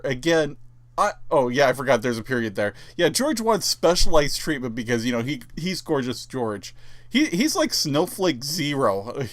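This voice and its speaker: A man's voice: medium pitch, a bit bright, no echo. A man giving sarcastic, incredulous commentary while reading a document aloud for his online audience. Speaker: YouTuber.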